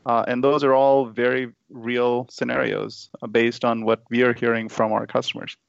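A man guest explaining use cases in a measured way, with "uh" fillers. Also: mid-range voice, little pitch movement, gravelly, no echo, dull audio. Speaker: expert guest. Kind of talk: conversational explanation.

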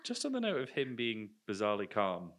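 A man's voice: fairly low pitch, wildly swooping pitch, brisk, fairly bright tone. A man in a casual film discussion who floats his theories with self-mocking laughter.

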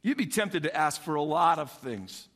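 A man preaching a sermon, retelling a story in an animated, conversational way that swings between loud and soft. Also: a little high, normal speed, in a large hall.

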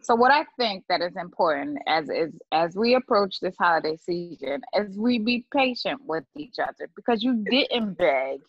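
A woman co-hosting a podcast in casual chat, animated and insistent when making her point. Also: fairly low pitch, normal speed, hardly any pauses, dry recording. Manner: animated, insistent, laughs often. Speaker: podcast co-host. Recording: dry, slightly dull lo-fi sound.

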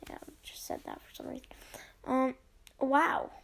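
A woman's voice: high-pitched, huge pitch swings, normal speed, creaky, noisy background. A young woman hosting a casual solo podcast, reading out listener reviews in a rambling, giggly way with plenty of ums. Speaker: podcast host.

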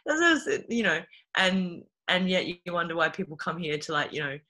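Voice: medium pitch, expressive, brisk, bright, forceful tone, slight background noise. A speaker with an Australian accent in casual podcast chat, who rambles with many fillers and laughs often.

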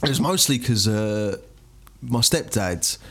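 Man, young adult, animated pitch, laughs a lot, rambling chat. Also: slow, husky. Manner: laughs often, rambling and warm-hearted. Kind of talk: casual chat.

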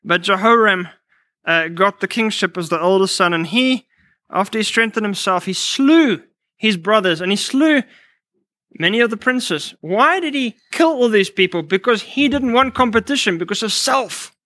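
Male preacher, sermon, high bright voice, storytelling with restarts, dry close recording. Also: lively intonation, normal speed, no echo. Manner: storytelling, quoting scripture, many restarts. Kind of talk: sermon with personal stories.

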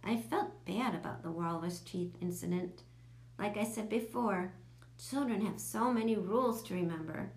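Woman reading a kids' chapter book aloud, lively and expressive. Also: mid-range voice, moderate pace. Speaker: audiobook narrator. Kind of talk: children's audiobook narration.

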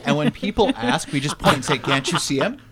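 A man's voice: on the high side, expressive, a little fast, noisy background. A man chiming in on a casual podcast with playful interjections.

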